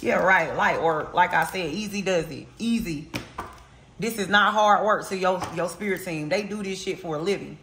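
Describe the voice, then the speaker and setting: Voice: mid-range voice, moderate pace, background noise. A tarot reader giving a casual spiritual reading, talking bluntly with lots of slang and cursing and repeating points for emphasis. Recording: roomy echo.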